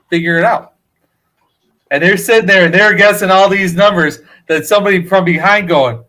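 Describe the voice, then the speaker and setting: An excitable man with a high voice chats on a podcast. He tells his stories with animated energy. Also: normal speed. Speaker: podcast co-host. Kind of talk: casual chat.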